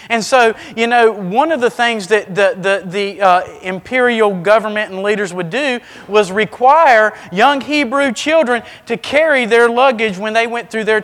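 A man preaching a sermon in an animated way, acting out scenes as he talks. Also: high-pitched, big-room sound. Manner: animated, acts out scenes with shifting voice.

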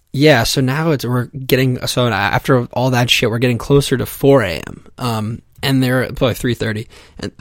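A man's voice: medium pitch, no room sound, clean studio sound. A young man telling a comic personal story in a casual, profane, self-mocking way, full of fillers. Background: music.

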